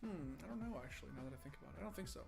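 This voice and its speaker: A man's voice: fairly high pitch, animated, very fast, vocal fry, over loud music. A man hosting a livestream watch party, talking casually to his chat in a rambling, freely swearing way.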